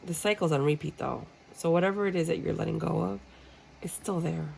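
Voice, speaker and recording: A woman gives a casual tarot reading in a low, gravelly voice. She talks bluntly and jokes as she acts out how people react. A faint hiss sits under the recording. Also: steady tone, fairly quick, a little mellow, rough recording. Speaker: tarot reader. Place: room with a squeaky chair.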